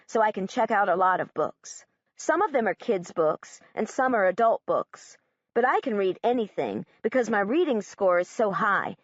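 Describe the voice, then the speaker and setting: A woman's voice: mid-range voice, dry recording. A woman narrating an audiobook in the first person as a young girl, in a literal, matter-of-fact way. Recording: dull, dry audiobook recording.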